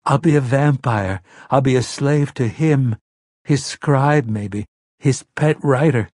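A man's voice: mid-range voice, takes it slowly, darkish tone, no room sound, clean studio sound, voice pushed up. A man voicing a hypnotized grown man who talks like a frightened seven-year-old, raised and small. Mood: frightened child. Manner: dazed, then small, trembling and childlike. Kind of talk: audiobook character voice.

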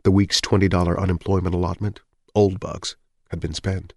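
Male audiobook narrator, very deep voice, dry close recording, measured and somber delivery. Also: level tone, no echo. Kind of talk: scripted narration.

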